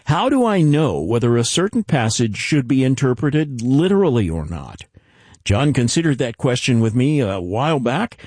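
A man hosting a Bible teaching radio program, announcing and reading offers in a smooth announcer delivery. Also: medium pitch, very animated, normal speed, darkish tone, no room sound, clean studio sound. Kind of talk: radio broadcast announcing and interview.

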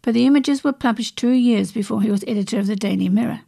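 A woman reading celebrity and royal stories from magazines aloud, in a steady read-aloud manner with brief restarts. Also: a little high, quick pace, gravelly. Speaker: news reader.

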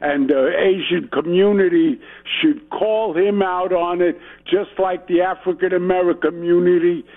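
A man's voice: sits high, steady tone, normal speed, hardly any pauses. A man from New calling in to a talk radio show, ranting indignantly. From New York. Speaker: radio caller. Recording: tinny phone line.

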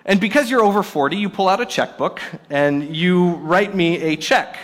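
A male pastor delivers a sermon at a church service, his voice sitting a little high for a man. He tells stories with animation, swinging between loud, pushed lines and soft, drawn-out ones. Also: in a large hall. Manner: animated storytelling, acting out scenes in quotes. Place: church service before a congregation.

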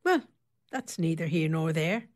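A woman in her fifties reading aloud, voicing a sharp-tongued female beautician who speaks with pointed, tart politeness. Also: low-pitched, animated, measured pace. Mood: tartly polite. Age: 50s.

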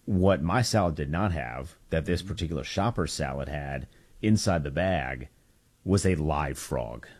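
A man co-hosting a casual podcast, telling a joking story in a relaxed, rambling way. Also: very deep voice, measured pace.

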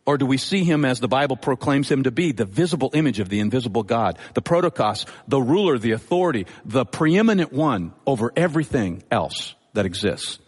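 A man's voice: mid-range voice, expressive, breathy edge. Man preaching in a reverberant hall. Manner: measured teaching, emphatic repetitions. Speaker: pastor. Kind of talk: sermon.

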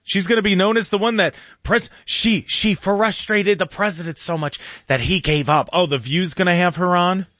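Chatty talk radio host, dry sound. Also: male voice, high voice, normal speed, few pauses, fairly bright tone, no room sound. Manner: chatty, laughs often, mimics voices.

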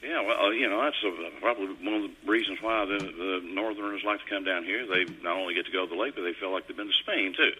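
Man, radio host, middle-aged, low and husky, forceful tone, rambling folksy stories. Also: fast, hardly any pauses, poor audio. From Kentucky. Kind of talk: casual on-air chat. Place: radio studio.

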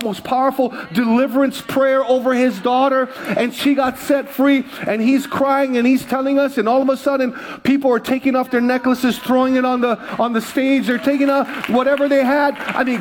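A man preaching a conversational sermon from a church stage, dropping into quiet asides and rising into loud, excited storytelling. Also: very high-pitched, slight background noise. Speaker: pastor.

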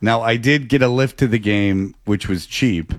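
A man in casual chat, telling a rambling, animated story with many restarts. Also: on the low side, moderate pace, no room sound, clean studio sound.

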